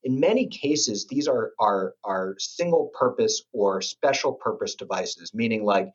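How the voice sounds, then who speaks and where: A middle-aged man talking as a podcast guest, eager and halting, often restarting his sentences. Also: fairly low pitch, lively intonation, breathy edge, dull audio. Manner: enthusiastic, halting, with many restarts. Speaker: guest, company executive. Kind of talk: casual podcast interview.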